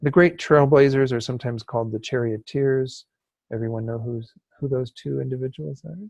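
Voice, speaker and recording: Relaxed man teaching an online class. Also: mid-range voice, moderate pace, creaky, no room sound, dull audio. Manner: relaxed, explanatory, with frequent fillers and laughs. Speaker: Buddhist study teacher. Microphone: video call.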